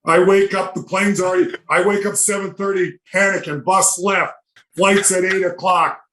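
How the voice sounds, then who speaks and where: A man in his fifties, appearing as a podcast guest, tells long, animated anecdotes in casual storytelling chat, acting out the voices of people he quotes. His voice sits high at a moderate pace, and the rough recording has slight background noise.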